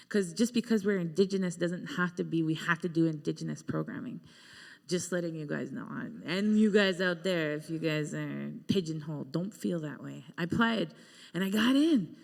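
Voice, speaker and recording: A woman's voice: on the low side, creaky. A woman singer-songwriter telling a chatty, self-mocking story between songs on a concert hall stage, speaking into a stage microphone. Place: concert hall stage before a live audience. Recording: long reverb of a large hall.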